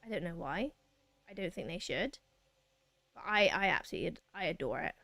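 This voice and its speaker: A woman with a fairly low, pushed, bright voice streams a video game, speaking animatedly and fairly quickly as she reads her viewers' chat messages aloud and banters back playfully. The recording is dry, with faint game music underneath.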